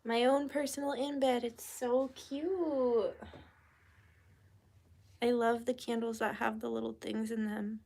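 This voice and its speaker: Young woman, casual vlogger, unhurried, slightly high, profane and chatty, slips into whispers. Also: flat delivery, a little mellow. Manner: chatty, swears freely, drifts into whispers and humming. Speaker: vlogger doing a candle spell. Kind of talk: casual chat.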